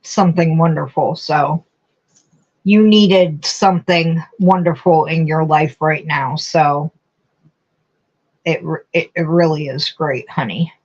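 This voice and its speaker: A middle-aged woman chats slowly and fondly with her livestream viewers, calling them honey and getting emotional. Her voice sits a little low, and the stream audio is dull and lo-fi. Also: fairly even intonation, darkish tone, husky. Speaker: livestream host. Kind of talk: casual chat reading viewer comments.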